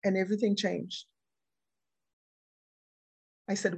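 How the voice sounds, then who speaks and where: A woman telling a personal story on a podcast, animated and laughing often, repeating key phrases for emphasis. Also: mid-range voice, a little fast, pauses often, breathy edge. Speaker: podcast speaker and life coach.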